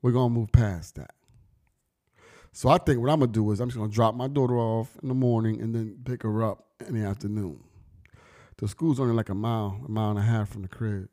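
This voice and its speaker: Fairly quick and mellow, this middle-aged man's voice sits on the low side and stays steady. He's a vlogger who owns a brand, spinning emphatic stories in casual street slang and lecturing his listeners.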